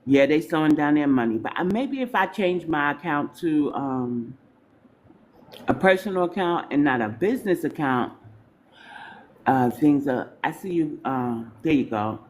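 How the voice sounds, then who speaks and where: A woman's voice: low voice, animated, measured pace, darkish tone. A woman from New York hosting a live stream, talking in a loose, informal, chatty way to her viewers. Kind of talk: casual live stream chat.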